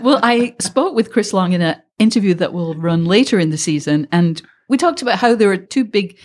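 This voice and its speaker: Lively woman podcast interviewer. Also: mid-range voice, fairly quick. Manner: lively questioning, laughs easily.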